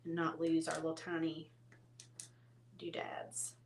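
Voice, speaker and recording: A woman's voice: fairly low pitch, normal speed, a bit bright, a little hiss or hum. A woman hosting a casual painting tutorial, chatty and self-teasing as she talks straight to her viewers while she works at a crafting table.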